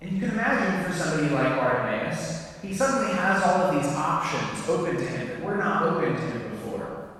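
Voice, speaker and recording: A man with a fairly high voice delivers a sermon, putting direct questions to his listeners in a measured way. He is picked up from a distance in a big room, so the sound rings with long reverb. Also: expressive, fairly bright tone. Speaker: preacher. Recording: echoey hall, voice from a far mic.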